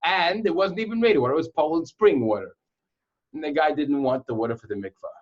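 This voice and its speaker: A man's voice: a little high, brisk. A man teaching a casual online Torah class to boys, telling jokes and stories in a playful way. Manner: playful joke-telling storyteller. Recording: dull lo-fi sound.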